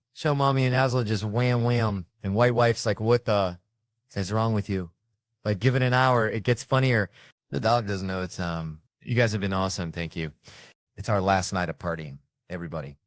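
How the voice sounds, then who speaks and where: A middle-aged male comedian tells crude family stories, profane and brash. His voice sits a little low. The sound is dry and close, with no room echo. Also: fairly even intonation, moderate pace. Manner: brash, profane storytelling with acted-out quotes. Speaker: stand-up comedian. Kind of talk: stand-up comedy routine.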